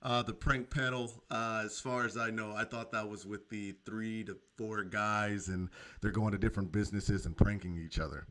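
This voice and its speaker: A man with a very low voice hosts a radio interview. He asks his questions in an easygoing way, with plenty of "uh" and "um" and warm affirmations of what his guest says. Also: normal speed, few pauses. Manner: relaxed, affirming interviewer with many fillers. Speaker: radio show host. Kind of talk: casual interview.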